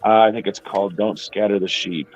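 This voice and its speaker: A man's voice: lowish voice, fairly even intonation, a little fast, highs cut off. A man hosting a casual Bible discussion who retells the stories, putting on voices for the quotes. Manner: retells scripture with playful acted quotes. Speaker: Bible study host.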